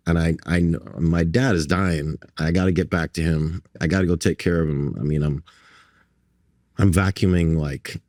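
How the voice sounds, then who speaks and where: A man's voice: low-pitched, steady tone, moderate pace, a little mellow, no room sound, studio quality. A man from New York and Barbados, a guest artist telling stories in conversation, with many restarts and fillers. He acts out the voices of the people in his stories. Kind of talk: conversational storytelling.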